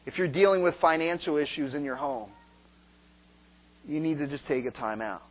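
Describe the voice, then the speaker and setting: Lively high-voiced preacher. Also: male voice, normal speed. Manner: conversational preaching, asks the congregation questions; acts out quarrels in quoted voices. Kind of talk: sermon on marriage.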